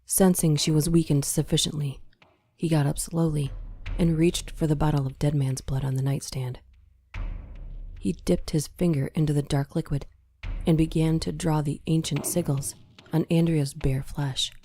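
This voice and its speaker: A woman narrating a horror story in a measured, dramatic storytelling manner. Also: deep voice, steady tone, dark tone, slight background noise. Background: faint music.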